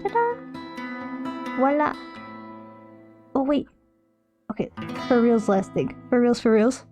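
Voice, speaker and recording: A young woman in a casual stream, chatting away to her chat while she doodles. Her voice sits fairly high but sounds soft and mellow, and she rambles along playfully, restarting her sentences as she goes. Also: unhurried, soft background music.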